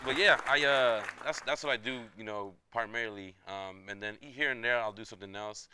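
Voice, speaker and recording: A young man from New York, a DJ guest in a casual interview, loud and laid-back, often saying "you know what I'm saying.". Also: on the low side, fairly quick, crowd noise, noisy background.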